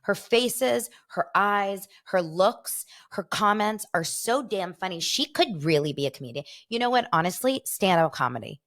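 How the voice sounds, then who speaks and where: A woman's voice: medium pitch, expressive, normal speed, hardly any pauses, a bit bright. Gossipy woman host, chatty and laughing. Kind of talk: casual chat commentary.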